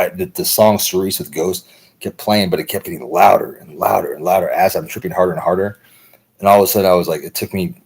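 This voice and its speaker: A low, husky-voiced American man talks on a livestream in a loose, meandering monologue. He swears freely and keeps tacking "right?" onto his sentences. His deep, slightly raspy tone stays relaxed and conversational. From United States. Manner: loose, profane, repeats "right?". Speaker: livestream host. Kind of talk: rambling casual monologue.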